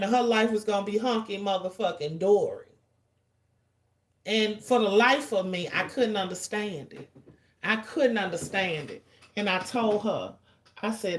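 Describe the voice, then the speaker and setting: A woman in her forties rants to her livestream chat in a fairly high voice. She talks in a blunt, profane, rapid-fire way. She stretches out the lines she wants to stress. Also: a bit bright. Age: 40s. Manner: drawn-out emphatic lines. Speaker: livestream host. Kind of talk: casual ranting to chat.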